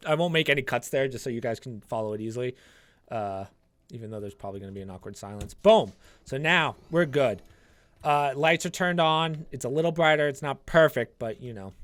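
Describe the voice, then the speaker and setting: A man casually talking viewers through a video game walkthrough, explaining each step in a chatty, relaxed way with plenty of fillers. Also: medium pitch. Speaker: gaming channel host. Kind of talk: casual gameplay walkthrough commentary.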